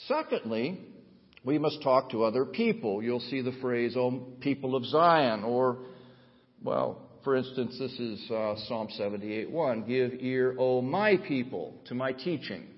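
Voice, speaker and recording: A man's voice: medium pitch, animated, a little slow. A man preaching a sermon, explaining Bible passages and reading scripture aloud with rising intensity. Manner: swells to loud intense emphasis when reading scripture aloud. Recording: dull sound with long hall reverb.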